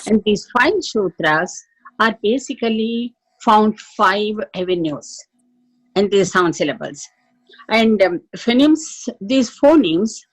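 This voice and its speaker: A woman teaching a lecture in a slow, explanatory way, pausing to check with listeners. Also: mid-range voice, slightly rough, low-quality recording. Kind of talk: lecture on Sanskrit phonetics.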